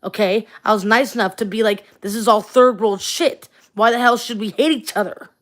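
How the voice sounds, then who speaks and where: A woman's voice: mid-range voice, normal speed. A woman ranting angrily and swearing on a late-night livestream, tired and venting, talking to a phone or webcam at home. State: tired, up at four in the morning.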